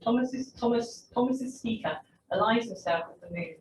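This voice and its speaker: A woman's voice: a little high, moderate pace, slight background noise. A young woman, a PhD researcher, reads her essay on poetry and adds wry, reflective asides. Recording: roomy echo, mic at a distance, faint ambience.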